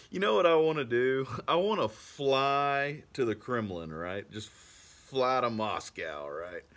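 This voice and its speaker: A man's voice: medium pitch, animated, slow pace, fairly bright tone. A man from Texas, rambling to camera in a casual monologue and laughing through his words often. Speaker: vlogger.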